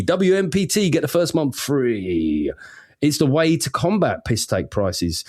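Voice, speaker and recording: A man's voice: mid-range voice, darkish tone. A man hosting a podcast in casual comedic chat, dry and rambling, often restarting his sentences. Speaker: podcast host.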